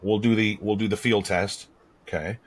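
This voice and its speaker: A man's voice: on the low side, steady tone, moderate pace, husky. A man co-hosting a podcast, talking in a rambling, matter-of-fact and profane way. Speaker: podcast co-host. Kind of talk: casual podcast chat.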